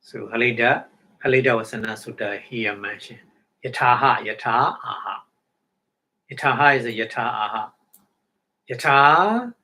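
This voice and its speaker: A man whose first language is Burmese gives a dharma talk at an unhurried, deliberate pace. His English is halting and full of fillers and repeated words, and he chants Pali passages now and then. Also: mid-range voice, bright, forceful tone. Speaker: meditation teacher.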